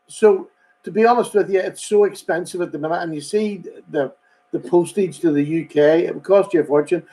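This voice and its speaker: A man's voice: sits high, darkish tone, rough recording. A man hosting a casual live stream, rambling chattily and greeting viewers by name. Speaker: host.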